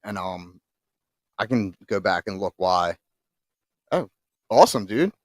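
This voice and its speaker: A man with a lowish voice co-hosts a sports podcast in loose, rambling chat. He restarts his sentences often and swears casually. The sound is close and dry, with no room around it. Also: animated, a little slow, dry recording. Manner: rambling, profane, restarts a lot. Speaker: podcast co-host.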